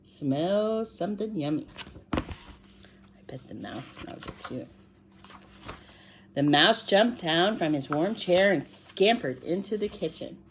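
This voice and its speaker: A woman reads a picture book aloud in a slow, gentle way, her voice rising and falling a great deal. She pauses to ask the young listener questions. A faint hum runs under the recording. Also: lowish voice, animated. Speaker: storyteller reading to children.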